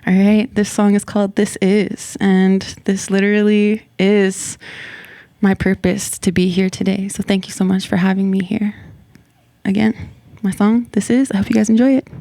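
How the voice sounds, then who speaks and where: A woman in her twenties, a guest artist talking over her path in a relaxed interview, thoughtful and quick to laugh, her speech full of "like". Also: mid-range voice, no echo. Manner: reflective, laughs often, many "like" fillers. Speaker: guest hip-hop artist. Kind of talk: casual interview conversation. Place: radio station interview studio.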